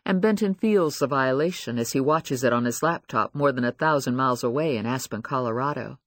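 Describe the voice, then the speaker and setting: A man narrates an audiobook in a measured, expressive scripted reading. His voice is medium-pitched, and the studio sound is clean with no room sound.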